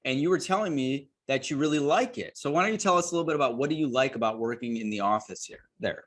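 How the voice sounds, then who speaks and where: A man's voice: mid-range voice, fast talker, fairly bright tone. A man hosting an interview, talking emphatically and addressing his listeners as guys. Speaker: host and course creator.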